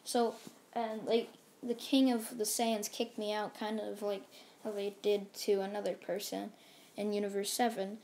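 A woman's voice: mid-range voice, little pitch movement, measured pace, dark tone, a little hiss or hum. Rambling woman telling a fan story. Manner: rambling, full of "like" fillers. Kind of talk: casual fan-story narration.

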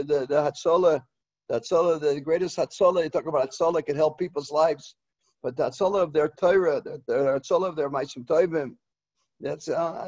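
An older man, a yeshiva head, delivering a eulogy sermon in a halting, repetitive way, with Hebrew and Yiddish terms mixed in. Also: on the high side, darkish tone, no echo, muffled recording. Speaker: rosh yeshiva giving a eulogy.

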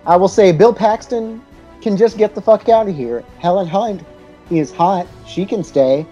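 A woman co-hosting a movie podcast, frank and opinionated, swearing as she gives her takes. Her voice is fairly low and mellow, and the recording sounds dull and lo-fi. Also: a little slow, faint music behind. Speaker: podcast co-host. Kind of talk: casual movie-review chat.

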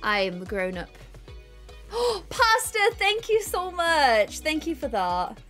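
A young woman hosting a casual vlog, excitable and gasping with delight as she chats. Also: high voice, takes it slowly, faint music behind. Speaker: vlog host. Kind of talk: casual chat.

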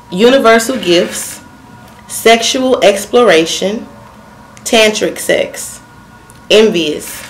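A woman with a Southern US accent gives a casual tarot reading in a brash, comical way. Her talk is full of cussing, and she reels off long strings of single words one after another. Her voice sits at a middling pitch for a woman. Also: poor audio. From Southern United States. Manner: brash, profane and comical, rattling off lists of words. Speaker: tarot card reader.

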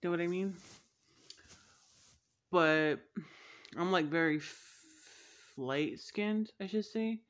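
A woman's voice: on the low side, slow pace, long pauses. A young woman telling a story to her viewers in a casual vlog, cursing freely and laughing often. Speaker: vlogger.

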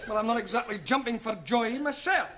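A man's voice: extremely high pitch, brisk. An actor playing a firm, clipped male English teacher in a 1970s British sitcom. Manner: clipped, schoolmasterly. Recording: noisy old TV soundtrack.

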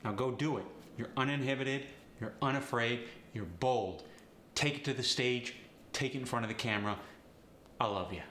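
A man's voice: mid-range voice, moderate pace, fairly bright tone. A man teaching an accent step by step, with emphatic, encouraging and carefully articulated drills. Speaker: accent coach. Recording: roomy echo with faint background noise.

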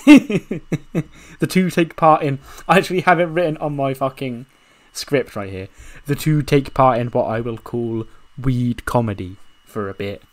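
Dude excitedly narrating his wrestling game run, swears a lot, keeps laughing, normal pitch. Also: moderate pace. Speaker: video game commentator.

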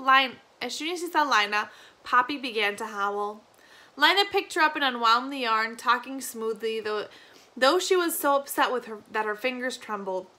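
A woman teacher reads a novel aloud, chapter by chapter. Her voice is bright and sits a touch high. She keeps a steady pace and corrects small slips as she goes.

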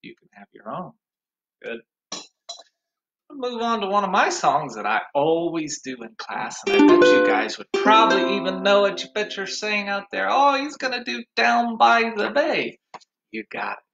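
A man's voice: high-pitched, sing-song, normal speed, vocal fry, highs cut off. A man teaching an online music class to young children, talking cheerfully and singing along with a ukulele.

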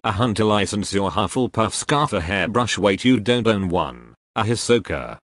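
Lively low-voiced man reading chat texts. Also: moderate pace, over loud music. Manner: lively, shifts between hushed lines and yelling. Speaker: fan video narrator reading chat texts. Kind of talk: reading out a group chat story.

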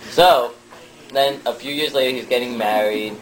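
A man's voice: medium pitch, fairly even intonation, brisk. A man telling a long joke casually to friends, rambling and correcting himself as he goes. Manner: rambling, self-correcting, amused. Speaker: joke teller. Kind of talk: casual storytelling. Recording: noisy with clicks.

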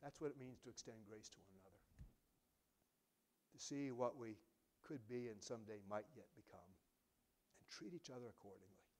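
A pastor telling a story in a sermon, conversational and full of restarts, growing hushed at the tender parts. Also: male voice, on the low side, moderate pace, long pauses. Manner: conversational, many restarts, drops to a hushed voice for emotional moments.

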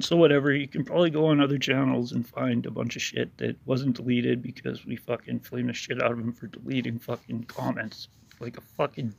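A man's voice: medium pitch, creaky, breathy edge. A man giving an angry, sarcastic voice-over commentary with heavy swearing, ranting about an online rival. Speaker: YouTuber narrating over a video.

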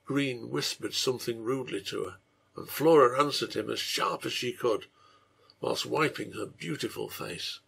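A man reads his own translation of a serial story aloud at a measured storytelling pace. His voice is gravelly and husky, with an even, unhurried delivery. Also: medium pitch. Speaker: reader and translator.

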